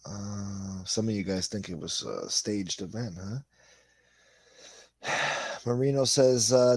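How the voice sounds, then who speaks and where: A man's voice: on the low side, slow, darkish tone, dry recording. Blunt, profane New guy. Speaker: livestream host. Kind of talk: casual livestream chat.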